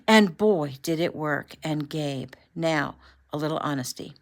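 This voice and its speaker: A woman voicing an excitable, emotional woman journalist who squeals and gushes as she talks. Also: lowish voice.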